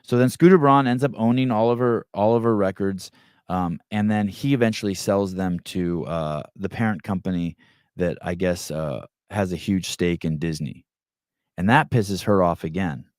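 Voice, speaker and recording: Here a man hosts a podcast, casually recounting a story with lots of restarts and acted-out quotes. His voice is low and his pace moderate, captured cleanly in a studio with no room sound.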